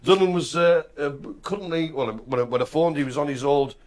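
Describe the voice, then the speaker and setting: A man's voice: fairly high pitch, a little fast. A man co-hosting a casual live stream, bantering and joking. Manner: jokey, lively banter. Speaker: co-host.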